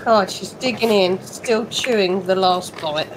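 A woman's voice: medium pitch, measured pace, noisy background. Sarcastic woman commentating. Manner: sarcastic, gossipy asides. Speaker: reaction commentator. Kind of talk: mocking commentary over a video.

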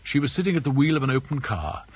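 A man reading an audiobook in scripted narration with a measured, precise delivery. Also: mid-range voice, very animated, husky, low-quality recording. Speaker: audiobook reader.

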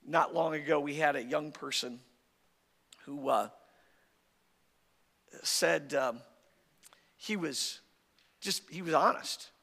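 Bright-voiced preaching pastor in a reverberant church. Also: male voice, a little high, slow, creaky, long pauses. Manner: impassioned preaching, voice rising and dropping. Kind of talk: sermon. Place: church sanctuary.

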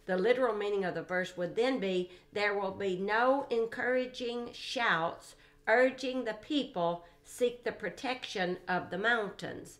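An emphatic woman teaches scripture verse by verse, in a voice of ordinary pitch. She stresses key words by saying them again and again. She drops quiet exclamations between passages as she explains them. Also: unhurried. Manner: emphatic, repeats phrases for stress, exclaims softly between readings. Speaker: Bible study teacher.

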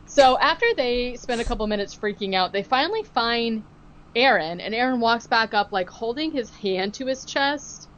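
A woman's voice: fairly high pitch, normal speed, lo-fi sound, slight background noise. Chatty woman recapping with acted-out quotes. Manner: animated storytelling, acting out quotes, many fillers like "like" and "um". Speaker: podcast co-host. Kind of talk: casual chat recapping a TV episode.

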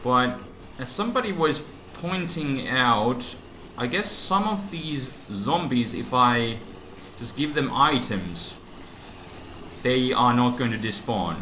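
Excitable man narrating a game, bright voice. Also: medium pitch, slow pace, long pauses. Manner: excitable, exclaims often, talks to game mobs. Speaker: gaming YouTuber. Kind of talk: casual Let's Play commentary. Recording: echoey room, faint background noise.

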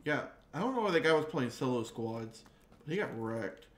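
A man's voice: mid-range voice, sing-song, moderate pace. A man hosting his game stream, chatting easily with friends and laughing often. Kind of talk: casual gaming banter. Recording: echoey room with faint noise.

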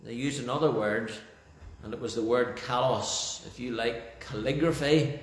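A male pastor praying and then preaching a sermon in church, slow and deliberate, lingering over key phrases. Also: mid-range voice. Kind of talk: sermon with opening prayer. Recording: roomy church echo.

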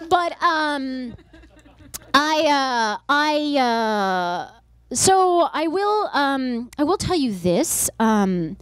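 A woman in her thirties, a comedian and author giving an animated stand-up style book talk at a bookstore event. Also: sits high. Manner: animated, voices characters, deadpan asides.

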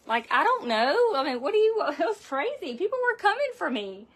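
A woman's voice: high-pitched, wildly swooping pitch, fast talker, hardly any pauses, fairly bright tone, breathy edge. A woman hosting a chatty livestream wreath-making tutorial from her home craft room, greeting viewers by name as she works. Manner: talkative, chats with live viewers by name.

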